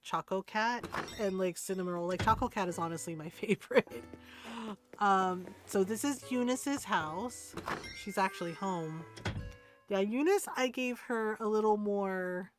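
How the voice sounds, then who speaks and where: A young woman streamer chatting casually and rambling a little as she shows off her game. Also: medium pitch.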